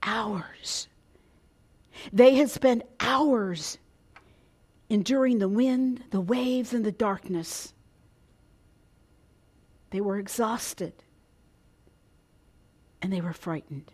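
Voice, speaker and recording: A woman's voice: on the high side, slow pace, long pauses, warm tone. A woman preaching a sermon, dramatic, dropping to a whisper and rising for emphasis.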